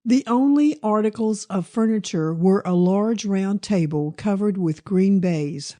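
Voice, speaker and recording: A woman narrating a classic crime novel in a measured, even storytelling manner. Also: medium pitch. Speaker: audiobook narrator. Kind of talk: scripted narration.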